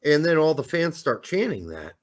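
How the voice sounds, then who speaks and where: A man co-hosting a casual sports talk show, joking and animated as he talks. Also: on the high side, moderate pace. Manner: lively, joking, animated delivery. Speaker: podcast co-host.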